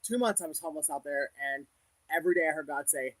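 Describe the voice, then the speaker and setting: A man's voice: a little high, quick pace, fairly bright tone, dry recording, low-quality recording. A man hosting a casual livestream as a psychic reader, speaking candidly to viewers with frequent laughs and religious conviction.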